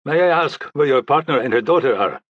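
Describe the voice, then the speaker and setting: A tall, courteous policeman with an African accent, as a male audiobook narrator puts him on, asking questions in a measured, pleasant way. His voice sits a bit higher than the narrator's own, with a husky edge. The close, dry recording sounds slightly muffled. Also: lively intonation, no room sound. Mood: polite, probing. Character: calm, polite male police officer, tall.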